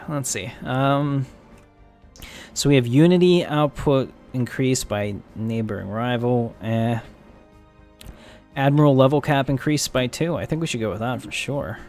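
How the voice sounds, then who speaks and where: A man's voice: medium pitch, unhurried, a little mellow, faint music behind. A man live-streaming a strategy game, chatting casually, joking and laughing often as he thinks aloud.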